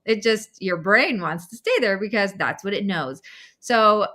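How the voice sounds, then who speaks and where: A woman hosting a podcast and coaching, chatting in an animated way and acting out the people in her stories. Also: mid-range voice, normal speed. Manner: animated, acts out quoted voices in stories. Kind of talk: conversational podcast chat.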